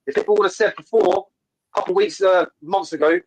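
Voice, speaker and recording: Calling in to a fan show by video, a man talks quickly about football, his voice a bit high for a man and husky. He presses on eagerly and keeps restarting sentences in this casual call-in chat, and the audio is poor.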